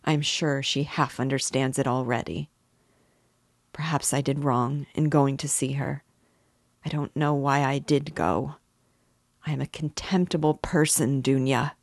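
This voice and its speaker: A woman's voice: extremely low pitch, steady tone, a little slow, dry recording, heavily acted. A woman reading the lines of a tormented, proud young man in a novel, brooding and at times furious. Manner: brooding, bursts into fury.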